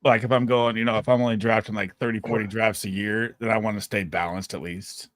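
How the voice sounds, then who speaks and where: A man's voice: on the low side, fairly even intonation, brisk, a bit bright, no room sound. A man co-hosting a casual livestream who gives laid-back, rambling explanations. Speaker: co-host.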